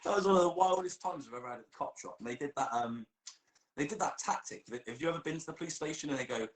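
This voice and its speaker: A man's voice: on the high side, quick pace, echoey room, rough recording. A man telling a comic story during role-play, swearing a lot and laughing as he goes.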